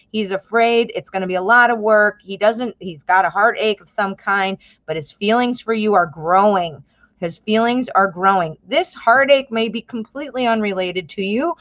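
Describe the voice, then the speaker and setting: A woman's voice: mid-range voice, no echo, highs cut off. Chatty woman in her fifties reading tarot. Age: 50s. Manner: chatty, excitable, exclaims often. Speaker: tarot reader. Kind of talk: live-stream tarot reading.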